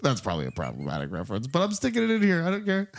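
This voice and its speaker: Animated guy recapping a movie on a podcast, swears a lot, voice jumps all over. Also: fairly high pitch, racing, creaky. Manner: animated, swears freely, acts out characters' lines. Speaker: podcast co-host. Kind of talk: casual movie-review chat.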